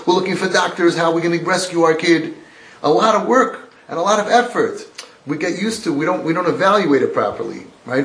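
A man giving a sermon-style religious lecture, emphatic and repetitive, quoting from texts. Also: fairly high pitch. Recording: roomy echo.

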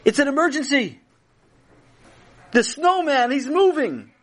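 A man doing a shrill, frantic little boy. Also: sing-song, unhurried, a bit bright, exaggerated voice. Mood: alarmed. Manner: shrill, urgent outbursts. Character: young boy, frantic and excitable.

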